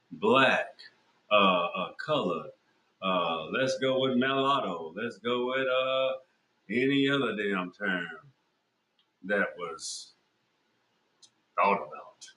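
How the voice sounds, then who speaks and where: A man with a lowish, somewhat bright voice hosts a podcast in an echoey room. His casual monologue wanders, swears freely, speaks bluntly, and keeps restarting amid lots of fillers.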